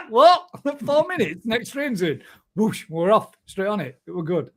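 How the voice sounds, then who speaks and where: A man's voice: high voice, big pitch swings, a little slow, fairly bright tone. A man with a Northern English accent hosting a casual live chat show, chatty and laughing often, with broad dialect words. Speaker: show host.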